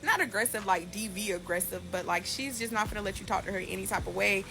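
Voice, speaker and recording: Gravelly-voiced woman rambling to camera. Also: mid-range voice, fast talker, noisy background. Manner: rambling, many fillers, giggly. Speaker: social media poster. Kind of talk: casual chat to camera.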